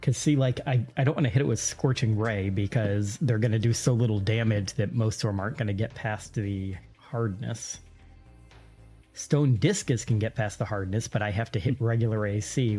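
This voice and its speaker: A man's voice: fairly low pitch, fairly even intonation, moderate pace, dark tone, faint music behind. A man playing a tabletop game, thinking aloud and laughing through his turn. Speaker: player.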